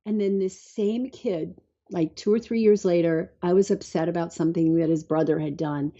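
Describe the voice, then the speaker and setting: A middle-aged woman, a guest expert, telling chatty stories full of fillers and later calmly guiding a breathing exercise. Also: on the low side, normal speed, lo-fi sound. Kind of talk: conversational storytelling, then guided breathing.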